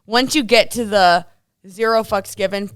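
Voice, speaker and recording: A woman's voice: medium pitch, measured pace, a bit bright, clean tone, no echo, studio quality. A woman in her thirties co-hosting a casual talk show, telling stories animatedly and acting out the voices. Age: 30s. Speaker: radio and podcast co-host. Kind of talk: casual chat. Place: studio.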